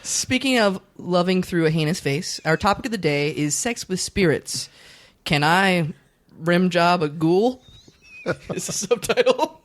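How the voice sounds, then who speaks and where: A man's voice: high voice, animated, unhurried, fairly bright tone. A man hosting a comedy podcast, giggling and laughing often as he talks. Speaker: podcast host.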